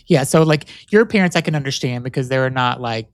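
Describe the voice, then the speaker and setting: A man's voice: medium pitch, brisk, no room sound, studio quality. A man hosting a podcast, interviewing a guest in an enthusiastic, affirming way with trailing questions. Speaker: podcast host. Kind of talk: casual interview.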